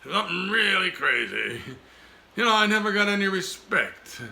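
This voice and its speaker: A man's voice: high voice, big pitch swings, creaky, bright, forceful tone, voice pushed up, exaggerated voice. A man doing a wisecracking hard-luck comedian who gets no respect, firing off gag one-liners. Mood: complaining. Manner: rapid gag one-liners, "I tell you". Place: home lanai porch.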